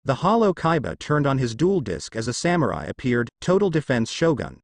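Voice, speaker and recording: A man's voice: mid-range voice, big pitch swings, a little fast, dry recording. A man reading a fan fiction story aloud in a plain, matter-of-fact way.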